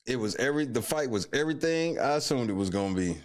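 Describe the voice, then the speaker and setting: A man hosting a live stream, reacting to news clips with loud, mocking, profanity-heavy commentary full of slang. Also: mid-range voice, expressive, fast.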